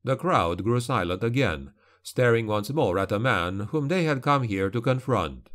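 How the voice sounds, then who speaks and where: A man narrating a dark fantasy audiobook in a steady, grim, even delivery. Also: mid-range voice, moderate pace.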